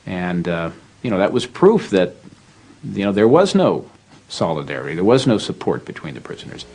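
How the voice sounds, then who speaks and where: A man's voice: low-pitched, very animated, normal speed, a little mellow, breathy edge. A man interviewed as a former guard, speaking candidly and ruefully.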